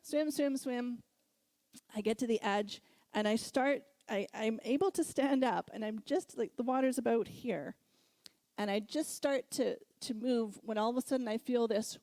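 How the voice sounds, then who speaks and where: A middle-aged woman giving a sermon, telling a personal story with frequent laughter and animated moments. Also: a little high, moderate pace, no room sound. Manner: storytelling, laughs often, animated when recounting. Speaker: guest speaker.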